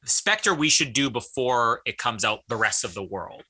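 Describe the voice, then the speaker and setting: A man co-hosting a podcast in casual chat, animated, acting out quotes as he tells stories. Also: mid-range voice, moderate pace, breathy edge. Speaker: podcast co-host.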